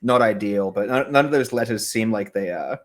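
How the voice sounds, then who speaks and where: Speaking at a moderate pace in a voice on the low side, this man co-hosts a casual podcast about soccer betting. He frequently laughs, rambles and fixes his own sentences partway through.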